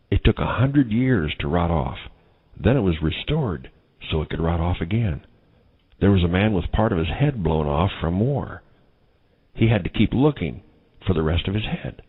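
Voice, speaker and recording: Very deep, husky man telling a grave testimony. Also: phone-quality sound. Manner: solemn, grave retelling of a vision. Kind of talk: testimony narration.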